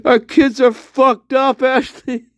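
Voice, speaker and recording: A man's voice: extremely high pitch, little pitch movement, slow, no echo, clean studio sound. A man host rambling through an erratic, crude solo monologue, often breaking into laughter. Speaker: channel host.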